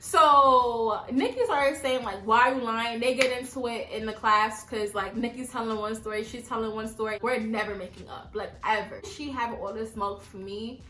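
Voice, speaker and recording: A young woman from New York tells a story to camera, animated and full of slang, acting out each side of the argument. Her voice sits a little high and rings in an echoey room. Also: normal speed, hardly any pauses, a little hiss or hum. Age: 20s. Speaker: vlogger. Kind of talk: story time vlog.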